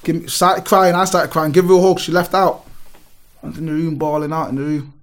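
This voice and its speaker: A man, a gym owner telling stories in an animated, emphatic way full of street on a casual podcast. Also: fairly high pitch, a little fast. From Britain. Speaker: gym owner and powerlifting guest.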